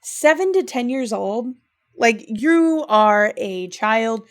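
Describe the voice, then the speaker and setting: Speaking slowly with a fairly high voice and lively intonation, this young woman co-hosts a podcast and recaps a video game. She's casual and emotional, gushing along with plenty of fillers such as "like" and "rad."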